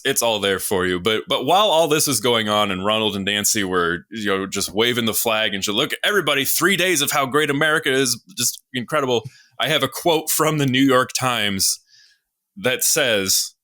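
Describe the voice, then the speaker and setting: Laughing man host with bright voice. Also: lowish voice, dry recording, clean studio sound. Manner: wry, laughs often while talking. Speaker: podcast host. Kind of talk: casual comedic chat.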